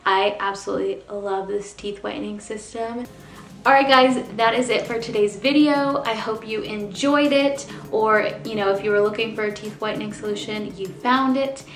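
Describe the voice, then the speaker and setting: A woman's voice: medium pitch, normal speed, roomy sound. A young woman with a slight lisp, chatting upbeat to her viewers in a sponsored product review. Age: young adult. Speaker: beauty vlogger.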